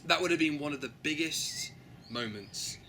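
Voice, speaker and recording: A man's voice: fairly high pitch, lively intonation, moderate pace, bright, forceful tone, a little hiss or hum. A man in a casual fan review chat, chatty and jokey, co-hosting a podcast. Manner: chatty, jokey, breaks into mock voices. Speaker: podcast co-host.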